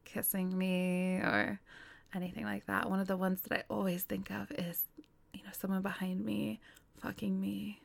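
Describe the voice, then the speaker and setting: A woman giving a candid personal monologue, giggly and rambling, often drifting into soft half-whispers. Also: medium pitch, little pitch movement, normal speed, vocal fry.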